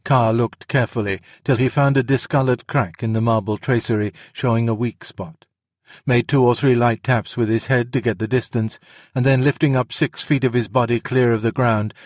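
A man reading a classic story aloud in steady scripted narration. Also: medium pitch, normal speed, no echo, clean studio sound.

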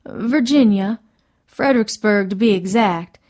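A woman's voice: mid-range voice, unhurried, a little mellow, lightly acted. A woman doing a dry, folksy rural father. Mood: dry, guarded. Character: wary rural father, man in middle age.

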